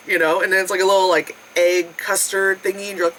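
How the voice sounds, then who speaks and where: Vlogger, bright forceful voice, animated storyteller who swears a lot, faint background hiss. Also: fast talker, few pauses, poor audio. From United States. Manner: animated, acts out quotes with big pitch jumps, frequent laughs and swearing. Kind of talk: casual storytelling food vlog.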